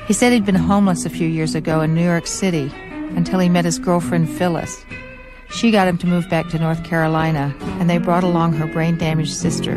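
A middle-aged woman reading scripted documentary narration in a calm, matter-of-fact way. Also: fairly low pitch. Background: loud guitar music.

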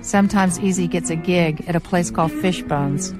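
Woman reading doc narration, lowish voice, calm, loud guitar under it. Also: normal speed. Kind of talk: scripted documentary narration.

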